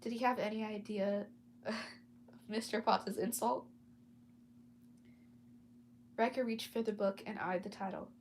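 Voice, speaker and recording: A woman's voice: mid-range voice, steady tone, normal speed, a little hiss or hum. A woman casually reading a novel aloud, stumbling over words and breaking off for chatty asides. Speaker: storyteller.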